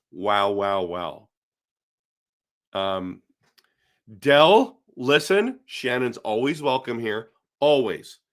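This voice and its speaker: A man's voice: medium pitch, a bit bright. A middle-aged man from Canada hosting a casual hockey live stream, reading viewer comments aloud and answering them in a chatty way.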